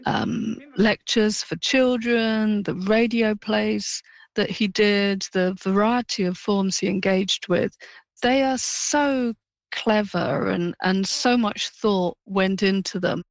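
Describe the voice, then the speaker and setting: A woman's voice: mid-range voice, slow pace, no echo. A woman professor being interviewed, speaking in a thoughtful, enthusiastic way.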